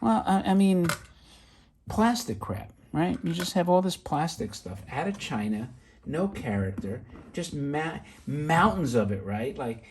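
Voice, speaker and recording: A middle-aged man casually showing off vintage toys, chatty and excitable with rambling asides. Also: fairly high pitch, measured pace, slight background noise. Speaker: toy collector vlogger. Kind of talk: casual show-and-tell.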